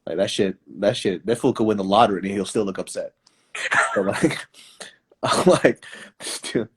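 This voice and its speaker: A man's voice: lowish voice, moderate pace, slightly rough. A man chatting casually as a guest on a live stream, laid-back, joking and swearing a lot. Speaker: comedian guest. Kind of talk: casual chat. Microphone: phone on a live stream.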